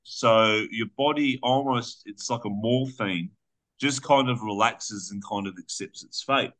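Guy on a podcast rambling thru a story, bright forceful voice, swears a bit. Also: lowish voice, unhurried. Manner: rambling, profane storytelling with restarts. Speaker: podcast co-host. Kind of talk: casual chat, retelling a story.

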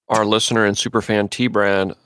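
A man co-hosting a casual podcast, relaxed and joking. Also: lowish voice, moderate pace, smooth, dry recording. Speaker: podcast co-host.

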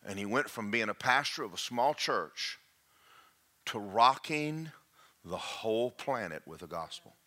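Male preacher, forceful bright delivery, wide swings in pitch, jokey and engaging with the congregation. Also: a little slow. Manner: animated, jokey, checks in with the congregation. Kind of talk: sermon.

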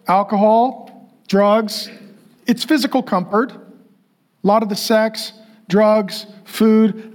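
A middle-aged man preaching a sermon, telling a personal story and then building to emphatic repeated questions. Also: sits high. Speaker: pastor.

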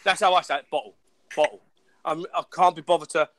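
High, bright-voiced man with an English accent. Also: fast talker. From England. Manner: animated, laughing, self-mocking about his own common speech. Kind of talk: casual chat.

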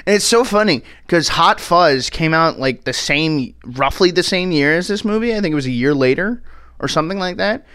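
A man's voice: on the high side, expressive, moderate pace, fairly bright tone, clear, resonant tone, dry recording, studio quality. A man giving a casual movie commentary who chats loosely, laughs often and swears offhandedly. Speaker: podcast host doing a movie commentary track.

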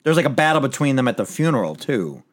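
A man's voice: medium pitch, sing-song, fast. A man chatting casually as a podcast host, rambling through a TV episode recap with lots of restarts and the odd swear word.

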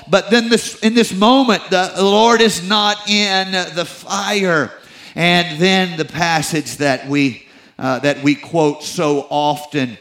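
A middle-aged male pastor preaching a sermon, moving between loud emphatic peaks and low confiding asides, with teasing, self-deprecating humor. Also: poor audio.

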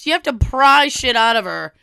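A woman tells a story in relaxed, profane, animated chat. Her voice is bright and crisp, with a gravelly edge. The recording is close and dry. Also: fairly high pitch, normal speed, no room sound. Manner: animated storytelling, swears freely. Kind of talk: casual chat.

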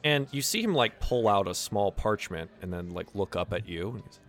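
A man runs a tabletop game as game master. He narrates loosely, with plenty of fillers and restarts. His pitch ranges widely as he tells the story. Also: lively intonation, normal speed, fairly bright tone, soft background music.

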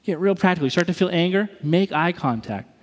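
A male pastor preaching a sermon in an animated manner, acting out the voices of his listeners. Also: high voice, a little fast, big-room sound. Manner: animated, acts out inner voices.

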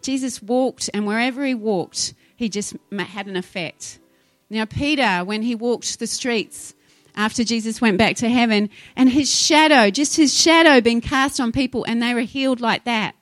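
A woman's voice: a little high, normal speed, no echo, faint music behind. A woman preaching a sermon, fervent and exhorting, rising into urgent appeals to her congregation.

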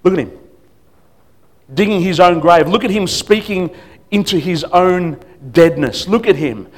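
A preacher doing a gloating, sneering devil. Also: male voice, sits high, measured pace. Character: mocking male devil, gloating and scornful.

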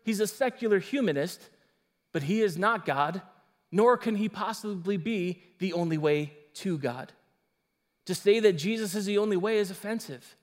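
A man preaching a sermon as pastor, emphatic, with casual asides to his congregation. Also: high-pitched.

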